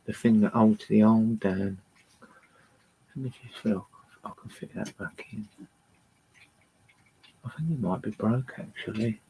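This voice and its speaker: A man's voice: on the low side, measured pace, long pauses, dark tone, slight background noise, low-quality recording. A man hosting a casual livestream from a boat, ranting angrily and swearing at viewers between records. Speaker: livestream host playing records. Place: indoors on a boat.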